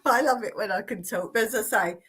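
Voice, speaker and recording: A woman's voice: mid-range voice, quick pace, a bit bright, slightly rough. A woman from England hosting a live stream, chatting casually and giggling as she tells stories and reads out viewer comments.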